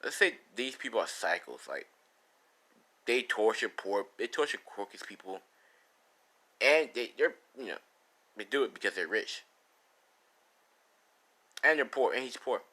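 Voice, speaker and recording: A man's voice: medium pitch, lively intonation, a little slow, pauses often, bright, forceful tone, slightly rough. A man improvising a story in a casual, rambling, profane way. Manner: rambling, profane, laughs at own jokes.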